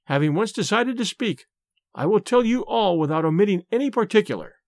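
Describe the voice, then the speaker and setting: A man's voice: sits high, animated, a little fast, darkish tone, no room sound, studio quality. A man voicing an agitated mother, earnest. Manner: anxious, earnest pleading. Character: middle-aged woman landlady, agitated mother. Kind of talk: audiobook reading.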